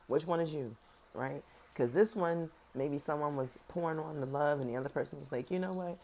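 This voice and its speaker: A woman with an unusually low voice gives a casual tarot reading and talks straight at her viewers. She is sassy and animated, jumping from loud emphasis to soft, serious asides. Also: brisk, slight background noise. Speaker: tarot reader.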